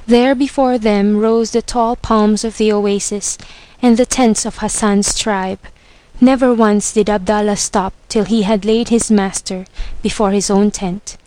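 A woman narrating a storybook with a measured, expressive reading. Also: mid-range voice, dry recording. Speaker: reader.

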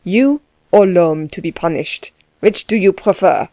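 A woman's voice: on the low side, animated, a little slow, mellow, dry recording. Woman voicing Dellwig, a curt, bullying man. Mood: menacing. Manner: curt, pushy questioning. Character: gruff, overbearing middle-aged man, blunt and menacing.

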